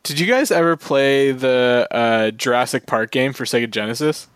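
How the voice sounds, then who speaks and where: A man's voice: mid-range voice, normal speed, fairly bright tone, clean tone, no echo. A man in casual chat among friends, laid-back and swearing freely.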